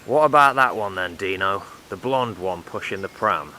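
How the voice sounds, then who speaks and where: A man's voice: low-pitched, lively intonation, moderate pace, sharp tone, slight background noise. A man voicing a crude, boastful male builder who talks leeringly about women on his lunch break. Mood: leering banter. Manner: leering, boastful, mate-peppered banter.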